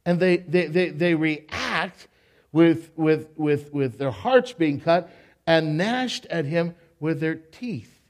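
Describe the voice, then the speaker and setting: A man preaching a sermon to a congregation in church, animated, repeating his words and tossing in joking asides. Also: fairly high pitch, takes it slowly. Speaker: pastor.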